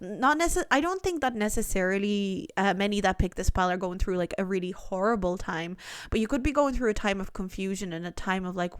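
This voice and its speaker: A woman's voice: medium pitch, a little fast, clear, resonant tone, no echo, studio quality. A woman giving a pick-a-card tarot reading, talking earnestly in a rambling way with lots of restarts. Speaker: tarot reader.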